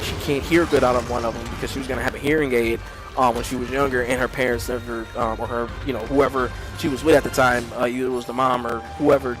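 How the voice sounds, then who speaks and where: A man's voice: mid-range voice, rough recording. A man telling a story while playing a game, acting out the people he quotes. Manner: animated storytelling with mimicked quotes. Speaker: gaming streamer. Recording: game music in background.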